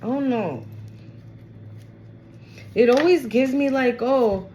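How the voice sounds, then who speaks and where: A woman giving a casual tarot reading to the camera, animated and profane, often exclaiming and acting out the people she describes. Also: fairly high pitch, takes it slowly, a little hiss or hum, rough recording. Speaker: tarot reader.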